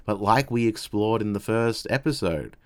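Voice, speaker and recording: A man's voice: fairly low pitch, lively intonation, moderate pace. An Australian man reading quoted passages and explaining philosophy in a thoughtful way, with hesitant asides.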